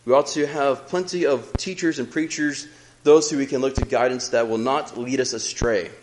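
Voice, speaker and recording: A man's voice: mid-range voice, steady tone, a little mellow, a little hiss or hum, rough recording. Earnest male preacher giving a sermon. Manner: earnest, measured, reads scripture aloud.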